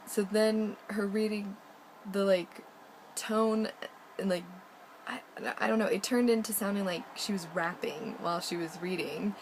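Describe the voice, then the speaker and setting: A woman's voice: medium pitch, fairly even intonation, measured pace, slight background noise, low-quality recording. A young American woman chatting casually in a video diary, rambling with lots of ums and little laughs. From United States. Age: young adult. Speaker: vlogger.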